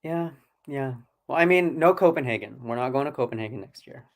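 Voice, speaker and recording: A man from California co-hosts a casual livestream chat in an expressive, brisk mid-range voice. He's enthusiastic, repeats himself and stammers his way into sentences.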